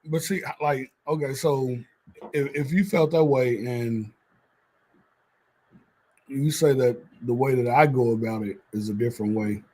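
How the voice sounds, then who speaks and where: A man co-hosting a couples podcast, talking in a halting, hesitant way in casual chat. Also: mid-range voice, husky, poor audio. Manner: halting, hesitant, soft-spoken. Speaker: podcast co-host.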